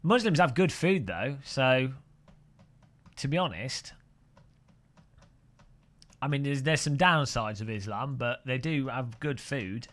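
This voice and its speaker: A man's voice: medium pitch, lively intonation, slow, long pauses, fairly bright tone. A man streaming sim racing, chatting and joking with viewers and often laughing. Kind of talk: casual live-stream commentary while sim racing.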